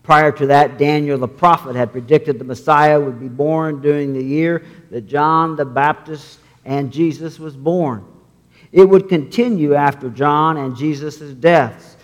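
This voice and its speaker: A male pastor preaching a sermon, measured as he reads scripture, with a long reverb in a sanctuary. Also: fairly high pitch.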